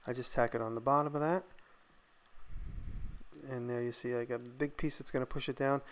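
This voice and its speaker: A man casually narrating a voice-over of his workshop build, thinking aloud in a relaxed, tired way. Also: mid-range voice, fairly quick, a little hiss or hum.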